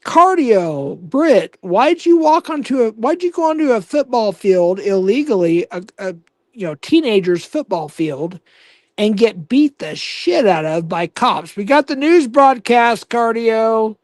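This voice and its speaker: Guy on a livestream reading chat out loud, slow and cussing, dry close sound. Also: high voice, sing-song, no echo. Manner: slow, profane, mocking banter. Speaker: livestream host.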